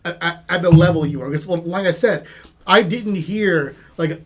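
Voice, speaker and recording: A man hosting a podcast, telling a story from his teaching days in a halting way, with many restarts and laughs. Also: sits high. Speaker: podcast host and former teacher. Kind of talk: casual podcast chat.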